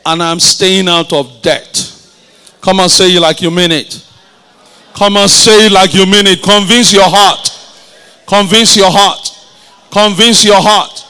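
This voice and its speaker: A man's voice: sits high, steady tone, unhurried, long pauses, sharp tone, smooth. A male pastor preaching a sermon, leading his congregation in call-and-response and repeating his phrases.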